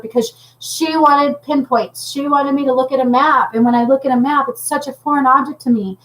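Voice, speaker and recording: A woman's voice: fairly high pitch, fairly even intonation, quick pace, hardly any pauses, rough recording. A woman working as a spiritual healer and medium, talking casually and intensely to viewers on a livestream, rambling and often checking in with "okay?".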